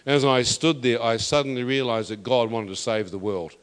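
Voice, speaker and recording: A man preaching a testimony sermon, emphatic and building to loud declarations. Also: mid-range voice, steady tone, moderate pace, clean tone. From New Zealand. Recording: long reverb of a hall.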